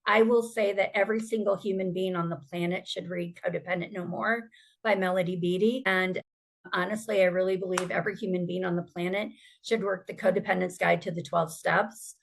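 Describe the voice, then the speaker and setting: A woman's voice: fairly low pitch, fairly even intonation, a little fast, creaky. A woman speaking as a survivor advocate, giving an earnest, emphatic personal testimony.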